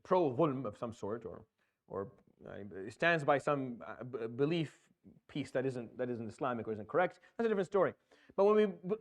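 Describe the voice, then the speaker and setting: A man giving an earnest religious lecture, repeating words as he builds his points and dropping in Arabic terms. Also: on the high side. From Canada. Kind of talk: recorded lecture.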